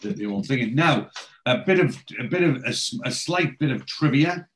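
A man's voice: medium pitch, expressive, moderate pace, fairly bright tone, rough recording. A man casually recapping a TV episode, rambling with many fillers.

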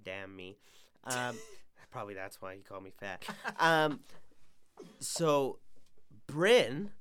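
A man's voice: medium pitch, animated, takes it slowly, fairly bright tone, slight background noise. A young man from Canada hosts a casual chat. He rambles through stories with plenty of fillers and self-deprecating humour. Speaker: podcast host.

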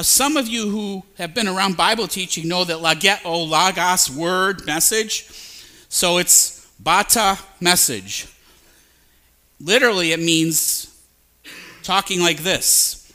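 A male pastor giving a lively sermon, sometimes imitating babbling sounds to make a point. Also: sits high. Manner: animated, mimics babbling sounds. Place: church sanctuary.

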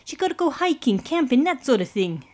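A woman's voice: high voice, sing-song, brisk, darkish tone, pitched above the performer's own voice. Woman doing a New Jersey mob boss. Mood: menacing. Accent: put-on New Jersey. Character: male mob boss, smooth and menacing.

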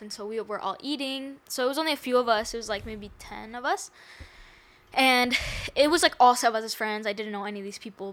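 A woman's voice: a little high, a bit bright. A young woman co-hosting a podcast, chatting casually in a bubbly, giggly way. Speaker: podcast co-host. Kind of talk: casual chat.

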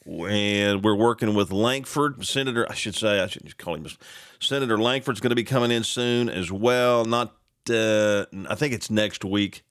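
Rambling radio host, dry studio sound. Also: male voice, lowish voice, normal speed, clear, resonant tone, dry recording. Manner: animated, rambling, reads news aloud with reactions. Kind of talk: casual morning radio chat. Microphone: studio microphone.

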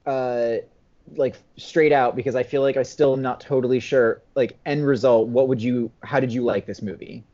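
A man with a dark, mellow voice discusses a movie as a podcast guest. He rambles, hesitates and corrects himself as he goes. The recording sounds a little dull and muffled. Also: medium pitch, fairly even intonation, moderate pace. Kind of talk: casual film discussion.

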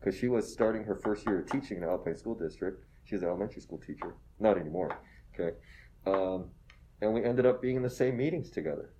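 A man in his forties telling stories as an interview guest, animated and self-deprecating, often tagging "okay?" onto his lines and going soft and emotional when he talks about his wife. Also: on the low side, fast talker, slight background noise. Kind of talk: casual storytelling interview.

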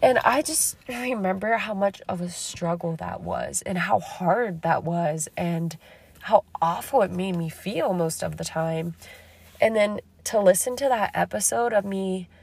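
A young woman hosting a casual self-help podcast, talking fast and candidly with some swearing, her voice a little raspy from being slightly sick. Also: medium pitch, darkish tone, no room sound. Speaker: podcast host.

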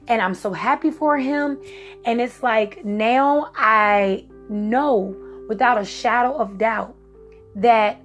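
Woman from Virginia, fairly high voice, emphatic heartfelt storytelling, faint music underneath. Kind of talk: personal testimony talk.

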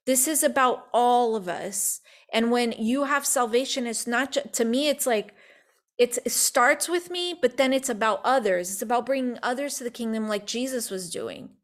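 A woman telling a personal faith story in casual talk, acting out the quotes in quick, animated bursts. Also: a little high.

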